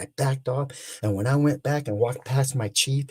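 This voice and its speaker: A man in his sixties, a guest animatedly telling a long story, excited and rambling with restarts. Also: mid-range voice, normal speed, husky. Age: 60s.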